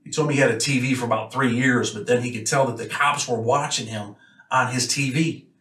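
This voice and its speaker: This former prisoner from Rochester, New York, shares a casual story in a plain, no-nonsense way. His medium-pitched voice is a bit bright, fairly quick, and fairly even in intonation. The recording picks up roomy echo from a mic set somewhat far away.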